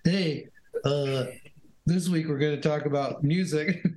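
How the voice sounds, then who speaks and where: Laid-back podcast co-host, slightly high. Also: male voice, fairly even intonation, a little mellow, low-quality recording. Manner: laid-back, quick to laugh, short agreeing replies. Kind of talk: casual chat.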